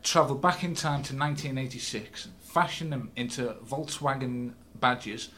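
A man from Liverpool with a Scouse accent, a guest answering with deadpan absurd jokes. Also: mid-range voice, moderate pace, a little hiss or hum. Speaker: interview guest. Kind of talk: casual banter.

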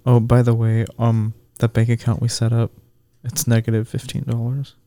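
A man's voice: medium pitch, monotone, normal speed, mellow. A young man co-hosting a podcast, chatting casually and candidly, often laughing. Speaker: podcast co-host.

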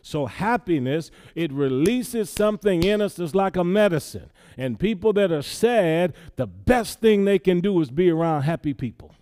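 A male pastor delivers a sermon in a church with a smooth, resonant voice pitched a little high for a man. He preaches in a conversational way, often pausing on a "yeah" between points. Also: lively intonation, mellow.

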